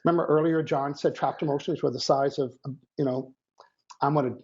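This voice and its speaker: A chatty, joking man with a gravelly edge and a slightly higher-than-usual voice hosts a live online show. He greets viewers by name in an easy, playful way. The sound is dull and lo-fi, like a stream. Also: steady tone, a little fast, a little mellow. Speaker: co-host.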